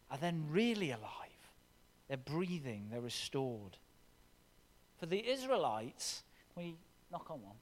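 A man preaching a sermon with expressive, dramatic scripture reading in a church. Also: on the high side, takes it slowly. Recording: long reverb of a large hall.

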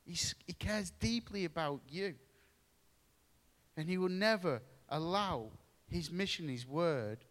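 A man preaching a sermon, earnest and deliberate, mixing Bible reading with storytelling. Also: fairly high pitch, big-room sound. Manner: earnest, slow and pausing, with storytelling asides.

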